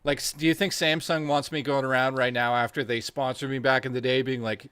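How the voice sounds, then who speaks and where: A man in his forties with a Canadian accent, co-hosting in loose, profane, excitable banter full of restarts. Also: medium pitch, brisk, few pauses, clean tone, dry recording. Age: 40s. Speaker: podcast co-host. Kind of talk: casual chat.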